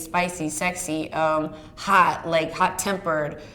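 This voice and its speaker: An actress chatting about her work in an interview, telling stories in a lively way with plenty of fillers and laughs. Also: fairly low pitch, normal speed. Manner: chatty, animated storyteller with many fillers and laughs. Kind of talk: casual storytelling interview.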